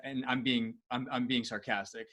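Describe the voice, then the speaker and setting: Male co-host, mid-pitched, friendly and rambling, restarts his sentences. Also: fairly even intonation, moderate pace, bright, forceful tone. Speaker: podcast co-host. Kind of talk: casual podcast interview.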